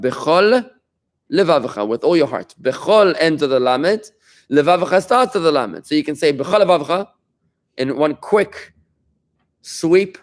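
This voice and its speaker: A middle-aged man leads a Talmud class as a rabbi, his voice pitched a little high for a man. He explains patiently, repeats key phrases and breaks off for friendly asides to his students. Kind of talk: informal Talmud lesson.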